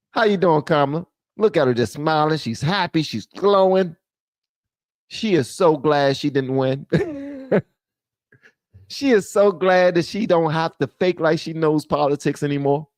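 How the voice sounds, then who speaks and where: A male streamer gives casual, off-the-cuff commentary to his live chat. His voice is animated and swings from loud ranting down to low muttering, with a lively, wide-ranging pitch. The sound is dry and close. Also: no room sound.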